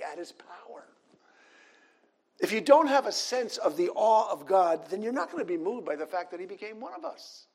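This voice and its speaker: Man, sermon, high voice, husky, earnest scripture reading. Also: a little mellow. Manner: earnest, reads scripture aloud. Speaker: preacher.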